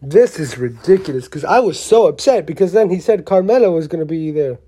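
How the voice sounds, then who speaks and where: A vlogger giving a casual, opinionated wrestling show review, rambling and excitable, often restarting sentences and swearing mildly. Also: mid-range voice, fairly quick, husky. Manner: blunt, with mild swearing.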